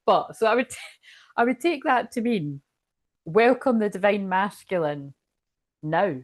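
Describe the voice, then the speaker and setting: A woman's voice: medium pitch, lively intonation, unhurried, long pauses, dry recording, studio quality. A Scottish woman giving a casual, rambling tarot reading to camera. She often breaks into laughter. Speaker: tarot reader.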